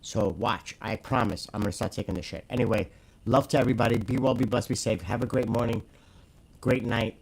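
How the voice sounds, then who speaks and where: Gravelly man chatting on a live stream. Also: mid-range voice, brisk, slight background noise, rough recording. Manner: excitable, blunt, swears freely. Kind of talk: casual live-stream chat.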